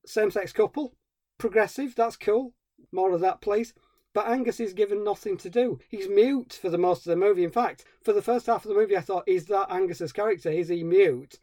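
A man's voice: a little high, dark tone, dry recording, clean studio sound. A man co-hosting a film podcast, ranting about a movie in a wry, sarcastic way. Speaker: podcast co-host. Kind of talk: casual film review chat.

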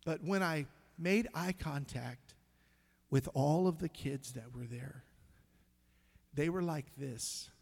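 Male pastor, middle-aged, preaching a story, gravelly, slightly high voice, long reverb. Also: darkish tone. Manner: emotional, halting, sighs and trails off into near-whispers. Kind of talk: sermon storytelling.

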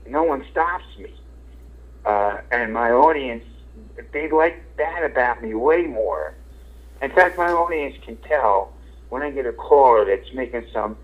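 A middle-aged radio host and comedian from Philadelphia talks frankly and casually in an interview, rambling with plenty of fillers and casual swearing. His mid-range voice is slightly rough, and the recording has a tinny, phone-like radio quality.

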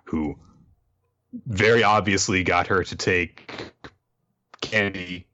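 A man talking through a manga chapter with a co-host in relaxed, joking chat. He laughs often and slips into high squeaky voices for characters. The sound is a little dull and lo-fi. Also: slow pace, a little hiss or hum. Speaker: podcast co-host.

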